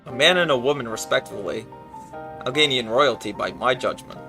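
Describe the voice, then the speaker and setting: A man's voice: medium pitch, fairly quick, music in the background, close to an everyday voice. A man reading a formal male explorer. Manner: formal, old-fashioned wording read aloud. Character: formal male explorer explaining a sealed gate. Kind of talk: reading game dialogue aloud.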